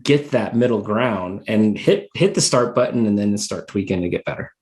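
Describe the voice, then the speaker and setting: A man's voice: lowish voice, expressive, moderate pace, darkish tone. A man hosting a podcast over a video call, asking long, rambling questions full of fillers. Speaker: podcast host. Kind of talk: casual interview chat.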